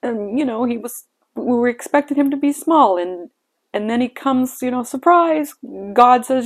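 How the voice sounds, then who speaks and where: A woman's voice: fairly high pitch, lively intonation, measured pace. An older woman hosting a devotional podcast, sharing a heartfelt personal reflection on scripture with sighs and emotion in her voice.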